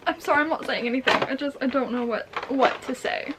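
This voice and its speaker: A young woman vlogging casually, excitable and swearing, teary and emotional as she unboxes a gift. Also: high voice, fast talker, heavy background noise. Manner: excitable, gushing, swearing, with breathy laughs. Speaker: vlogger and writer. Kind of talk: casual vlog chat.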